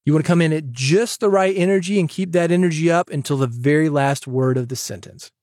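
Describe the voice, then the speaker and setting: A man hosting a podcast, giving advice in an energetic, chatty way that jokes with the listener. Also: on the high side, fairly quick, no room sound, clean studio sound. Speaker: podcast host and coach.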